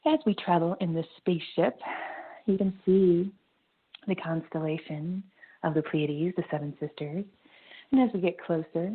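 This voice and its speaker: A woman guiding a meditation in a slow, soothing voice that drifts into whispers. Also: deep voice, husky. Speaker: meditation guide. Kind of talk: guided meditation narration. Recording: tinny phone-like line.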